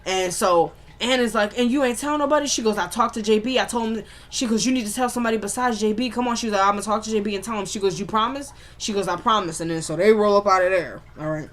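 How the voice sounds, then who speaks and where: A woman in a casual recap, talking loosely and slangily. She runs through scene after scene and switches between characters' lines in quick back-and-forth. Her voice sits at an ordinary middle pitch for a woman. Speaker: TV episode recapper.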